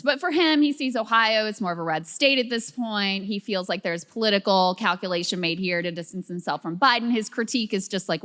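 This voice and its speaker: A woman's voice: mid-range voice, pushed and bright. Woman, co-host, casual political chat, laughs often, long reverb. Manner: chatty, laughs often, explains step by step.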